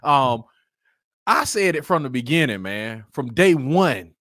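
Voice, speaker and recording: Animated man hosting sports talk. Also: mid-range voice, dry recording, studio quality. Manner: animated, repeats "man" often, drawn-out emphasis. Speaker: sports talk show host.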